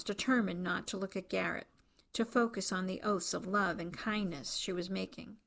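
A woman reading a novel aloud as an audiobook narrator, in even, measured storytelling. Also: medium pitch, vocal fry. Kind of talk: scripted narration.

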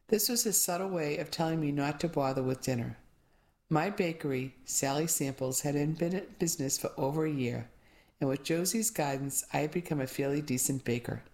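A woman narrating a short story aloud, steady and clear. Her voice sits low and even as she reads the narration. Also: fairly quick. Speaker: audiobook reader. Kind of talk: audiobook narration.

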